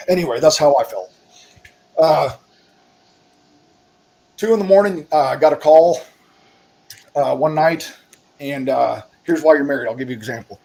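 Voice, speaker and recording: A husky, slightly high-pitched man swapping army stories on a podcast. He swears in nearly every line and throws himself into loud impressions of officers barking orders. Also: measured pace, pauses often, rough recording. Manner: swears constantly, animated, mimics officers loudly. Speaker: podcast co-host, army combat veteran. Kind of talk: casual profane storytelling.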